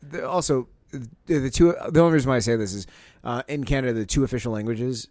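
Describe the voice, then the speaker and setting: A man co-hosting a comedy podcast, retelling a listener story with quick asides and frequent laughter. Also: medium pitch, a little mellow, dry recording, clean studio sound. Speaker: podcast co-host.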